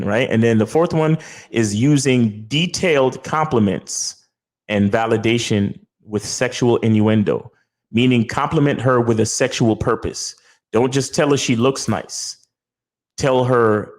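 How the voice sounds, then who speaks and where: With a mid-range voice at a moderate pace, a man hosts a show and gives casual dating advice into a studio mic. He curses, repeats himself a lot, and keeps asking whether the listener understands.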